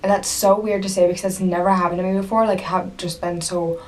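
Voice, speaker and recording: A young woman vlogs to camera at home in a lowish, fairly even voice at a quick pace. She's gushing and breathless as she tells an excited story, with bursts of laughter and sudden drops to a whisper.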